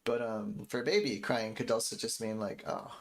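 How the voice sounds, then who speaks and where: A man's voice: fairly low pitch, normal speed. A man in his thirties, a music producer, chatting casually and rambling to his stream viewers while he makes a beat. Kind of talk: casual livestream chat while making beats. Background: faint beat music.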